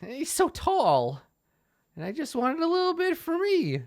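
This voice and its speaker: A squeaky, starving goblin girl. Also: huge pitch swings, unhurried, darkish tone, heavily acted. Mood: pleading. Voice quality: very high, squeaky. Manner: brassy and pushy. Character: scrawny starving female goblin, brash.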